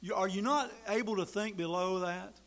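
A man's voice: sits high, moderate pace, a bit bright, pitched above the performer's own voice. A man voicing a talking she-donkey who argues with her master through indignant, reasoning questions.

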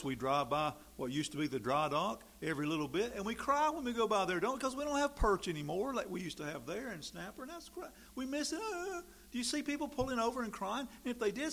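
A man preaching a sermon in an animated, sarcastic way, swinging from quiet remarks to loud, emphatic bursts. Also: sits high, fast, vocal fry.

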